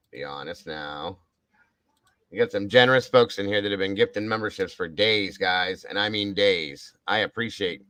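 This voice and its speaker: A man's voice: lowish voice, no echo, poor audio. Guy hosting a livestream, chatty and upbeat, calling out viewers, cusses a bit, dry close sound. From Ohio. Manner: reads out viewer shoutouts, chatty; swears casually, upbeat. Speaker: livestream host. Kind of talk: casual livestream chat.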